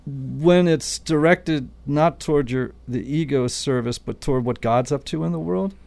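A man with a gravelly edge to his voice walks through his ideas step by step, like a patient teacher. He keeps pausing to check that his guest is following along. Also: fairly high pitch, darkish tone. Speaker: podcast host and Enneagram teacher. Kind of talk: explanatory interview talk.

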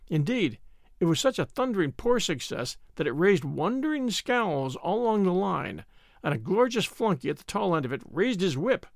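Male audiobook narrator, wry and humorous, gravelly tone, very dry close sound. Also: high-pitched, no echo. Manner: wry, dryly humorous storytelling. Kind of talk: scripted narration.

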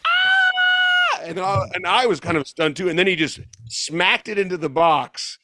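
A man's voice: sits high, moderate pace, raised voice, very noisy. A man in his fifties telling a long story in casual conversation, rambling and correcting himself, laughing as he goes. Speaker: guest musician.

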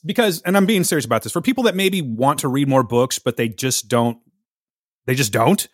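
A man hosting a casual chat, asking quick, playful, self-deprecating questions. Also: mid-range voice, animated, no echo, clean studio sound.

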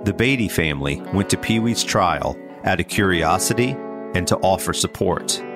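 A man narrating a scripted documentary in a measured, even delivery. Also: sits low. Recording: narration over guitar music. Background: guitar music.

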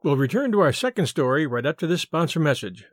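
High-voiced man narrating stories. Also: big pitch swings, fast, background noise. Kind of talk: scripted story narration.

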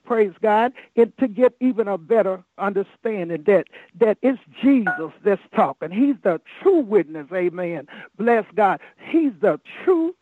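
A man preaching a sermon, fervent and filling every pause with "amen," "praise God" and "my God.". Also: high voice, no echo. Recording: tinny phone-like dry sound.

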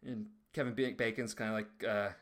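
A man's voice: fairly low pitch, steady tone, brisk, fairly bright tone. A man recapping a film in casual, crude podcast chat, joking and mimicking characters. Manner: crude, joking recap with mocking quoted voices. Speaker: podcast co-host.

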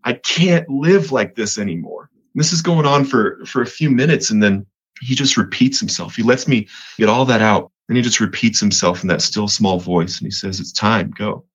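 Husky low-voiced man telling his testimony. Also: normal speed, highs cut off. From Colorado. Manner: earnest, repeats words, voice rises when reliving moments. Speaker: guest telling his recovery story. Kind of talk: personal testimony in an interview.

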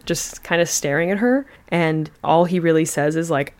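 A woman's voice: sits low, lively intonation, moderate pace, few pauses, darkish tone. A woman hosting a podcast, telling a true crime story with chatty asides. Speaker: podcast host.

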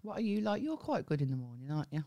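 Animated woman, teasing and bickering. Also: low voice, dull audio. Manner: bickering, quick to tease back and swear. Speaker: podcast co-host. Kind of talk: casual chat.

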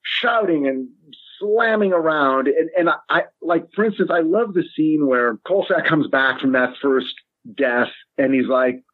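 A man's voice: a little high, measured pace, no echo. Man on a tinny remote line. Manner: animated, restarts often and acts out quoted lines. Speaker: screenwriter guest. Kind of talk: casual podcast discussion.

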